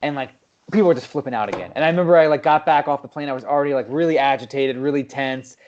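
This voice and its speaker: A man's voice: medium pitch, rapid-fire, lo-fi sound, slight background noise. A man co-hosting a podcast, telling casual stories with lots of swearing and acted-out voices. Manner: animated storytelling, swears often, acts out people. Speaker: podcast co-host. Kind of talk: casual chat.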